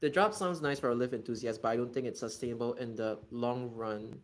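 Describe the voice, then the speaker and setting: A man from Singapore streams a geography game, chatting casually, reading chat, and ranting in exasperation about how people pronounce words. His voice is medium-pitched and fairly quick.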